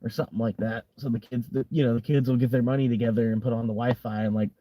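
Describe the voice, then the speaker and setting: A young man from the United States talks loosely to his viewers, circling back on himself with fillers and laughing easily. His voice is mellow and dark-toned, recorded close and dry with no room sound. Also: medium pitch, steady tone, fast talker, dry recording. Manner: rambling, laughs often, many fillers. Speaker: livestream host. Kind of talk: casual livestream chat.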